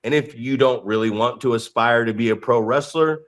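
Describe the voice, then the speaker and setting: A man's voice: mid-range voice, normal speed. A man co-hosting a podcast in a casual, joking, profane way. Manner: animated, profane, jokey. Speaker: podcast co-host.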